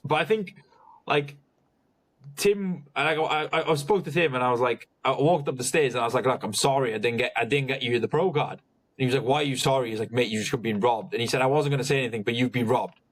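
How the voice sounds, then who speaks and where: A man, a podcast guest talking casually and haltingly about his bodybuilding result, with many restarts. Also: mid-range voice.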